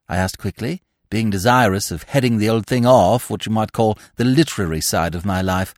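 A man narrating a comic classic novel with wry, expressive storytelling. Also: fairly low pitch, brisk, few pauses, no room sound, studio quality.

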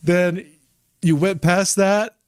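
A man's voice: sits high, fairly even intonation, takes it slowly. A man in his forties, a podcast host, casually telling a story and swearing freely as he acts out what people said.

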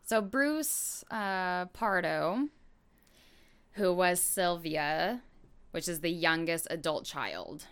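Slow, smooth-voiced woman recounting a story. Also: fairly low pitch. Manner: relaxed, with frequent fillers and asides. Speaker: podcast host telling a true crime story. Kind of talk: casual conversational storytelling.

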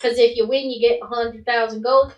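A woman's voice: a little high, steady tone, brisk, noisy background, lightly acted. Woman voicing a blunt fae queen. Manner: accent wandering between Scottish, Swedish and English; blunt and crude. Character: haughty female Unseelie fae queen in her castle. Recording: echoey room.

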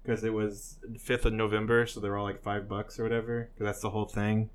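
A man's voice: fairly low pitch, level tone, fast talker. A young man hosting a casual podcast, telling prank stories loosely with a lot of swearing and frequent laughter. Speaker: podcast host. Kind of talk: casual chat.

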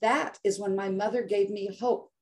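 A woman's voice: mid-range voice, fairly even intonation, moderate pace, darkish tone. An older woman telling her story as a podcast guest, dramatic and emphatic, repeating words for effect. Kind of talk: interview storytelling.

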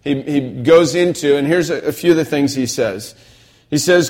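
A man's voice: fairly high pitch, moderate pace, a little mellow. A male pastor preaching a sermon in a conversational way, often checking in with the congregation.

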